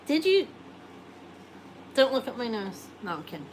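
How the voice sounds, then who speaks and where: A woman's voice: fairly high pitch, big pitch swings, moderate pace, a little hiss or hum, poor audio. A woman hosting a live jewelry sale, chatting casually and joking while she shows rings.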